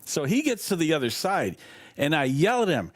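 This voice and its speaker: A man's voice: fairly high pitch, big pitch swings, normal speed, no room sound. Older male co-host, laughs a lot, rambly storyteller, dry sound. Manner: rambling, laughing, self-correcting. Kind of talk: casual storytelling.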